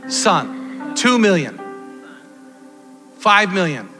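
A man preaching a sermon, swinging from loud exhortation to quiet storytelling. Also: high voice, sing-song, very slow. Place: church hall. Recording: long hall reverb with faint music.

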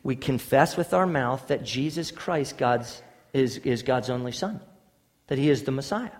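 A man's voice: medium pitch, animated, unhurried, in a large hall. A man preaching a sermon as pastor, emphatic, with repeated phrases and rhetorical questions.

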